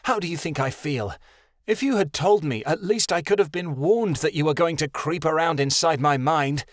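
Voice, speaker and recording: A man's voice: fairly high pitch, moderate pace, no echo, studio quality, voice pushed up, lightly acted. A man voicing a resentful male dragon who snarls and hisses his words. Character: bitter male dragon, sharp-tongued.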